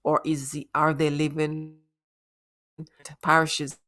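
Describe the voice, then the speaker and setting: A woman hosts a commentary on a case, speaking straight to parents in an earnest, moralizing way. Her voice sits low, and she talks at a slow, deliberate pace. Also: little pitch movement, fairly bright tone. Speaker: host.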